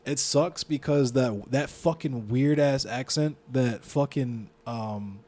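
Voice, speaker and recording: A man's voice: medium pitch, slow pace. A man with a Baltimore accent, streaming live, reading a news story aloud and reacting to it with a lot of swearing. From Baltimore, United States. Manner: profane, reacts loudly to what he reads.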